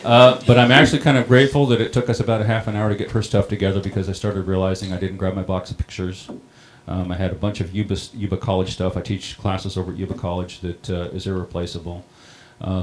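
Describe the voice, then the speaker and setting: Deep-voiced man telling his own story. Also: little pitch movement, a little hiss or hum. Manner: plain-spoken, halting, many ums and restarts. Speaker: water district operator on a panel. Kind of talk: personal storytelling.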